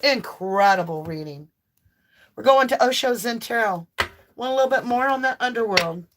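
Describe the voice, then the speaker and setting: A woman's voice: on the high side, expressive, moderate pace, fairly bright tone, a little hiss or hum. A woman giving an impassioned, preachy tarot reading full of emphatic declarations. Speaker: tarot reader. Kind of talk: spiritual tarot reading monologue.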